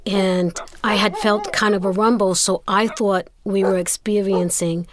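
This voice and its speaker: A woman telling a personal story as an interview guest, animated and stammering into repeats. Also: mid-range voice, measured pace, noisy background. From Brooklyn, New York. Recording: music playing underneath.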